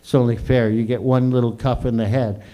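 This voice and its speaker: A man's voice: medium pitch, little pitch movement, a little fast, dark tone. A middle-aged man hosting an open mic, telling crude, profanity-laden stories in a rambling stand-up style on a small comedy stage.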